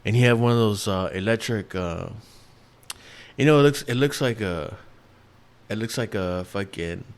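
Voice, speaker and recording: Man, thirties, from New York, low-pitched, loose rambling podcast talk, casual swearing, lots of fillers. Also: moderate pace, smooth. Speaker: podcast host.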